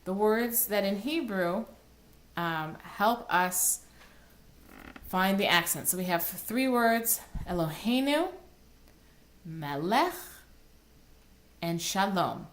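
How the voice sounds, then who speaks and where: A woman's voice: medium pitch, slow pace, fairly bright tone. A woman cantor teaching Torah cantillation, explaining plainly and breaking into short sung chant phrases. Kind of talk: recorded online lesson.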